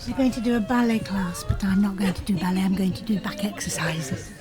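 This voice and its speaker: An older woman, a stage actor telling backstage stories in a lively, self-deprecating way with frequent laughs. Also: mid-range voice, a little fast, over music, a crowd in the background. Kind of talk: backstage storytelling. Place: theatre backstage.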